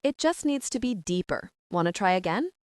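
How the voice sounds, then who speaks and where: A woman's voice: very animated, normal speed, clear, resonant tone, no room sound, studio quality, natural voice. A woman voicing a loyal, tearful teenage girl with a broken arm in an audiobook. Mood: encouraging. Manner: wailing, high and tearful.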